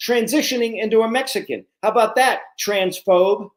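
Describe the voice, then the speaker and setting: A man's voice: high-pitched, normal speed, rough recording. A middle-aged man, a comedian co-hosting, bickering with his wife in mock-indignant, teasing banter. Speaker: comedian co-host. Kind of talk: comic bickering chat.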